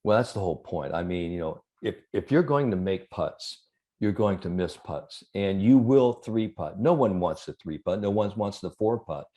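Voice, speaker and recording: A man being interviewed as a sports psychologist, talking in a relaxed conversational way and telling animated stories, with frequent "you know" fillers. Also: sits low, moderate pace.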